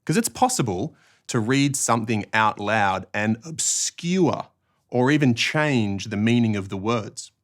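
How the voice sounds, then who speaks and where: A man with an Australian accent giving a measured, clearly phrased instructional talk on reading aloud in church. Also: mid-range voice, lively intonation. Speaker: church ministry trainer.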